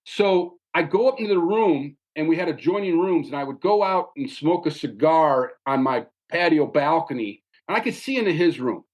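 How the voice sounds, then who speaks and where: A man hosting a podcast, telling a story in an animated, casual way and often tacking "man" onto his sentences. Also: a little high, normal speed, hardly any pauses. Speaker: podcast host.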